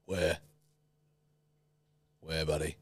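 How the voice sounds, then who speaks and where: A man's voice: rumbling low, little pitch movement, very slow, dry recording. A man co-hosting a podcast, chatting casually with crude, teasing banter. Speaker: podcast co-host. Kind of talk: casual comedic chat.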